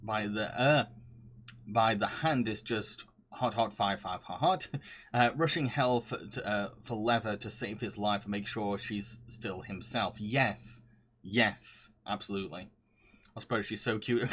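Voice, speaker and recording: A man's voice: lowish voice, measured pace, a bit bright. Gushing man laughing through chat. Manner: gushing, laughs often, rambles with restarts. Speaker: streamer. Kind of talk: casual chat, reading chat.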